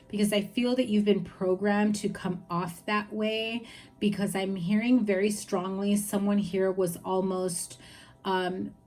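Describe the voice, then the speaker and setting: Woman doing a chill tarot reading, middle pitch, chatty and reassuring, keeps saying right? and you know. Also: a little mellow. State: hiccups. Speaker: tarot reader.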